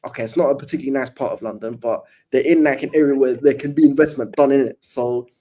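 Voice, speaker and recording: Emphatic, swearing man with a mellow tone. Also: medium pitch, fairly even intonation, quick pace. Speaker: panelist. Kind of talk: casual football chat.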